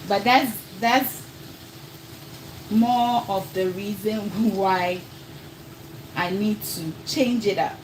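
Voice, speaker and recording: A woman's voice: mid-range voice, slow, background noise. A woman cooking on a live stream, chatting casually and putting questions to her viewers. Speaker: cooking vlogger. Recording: echoey room with faint ambience.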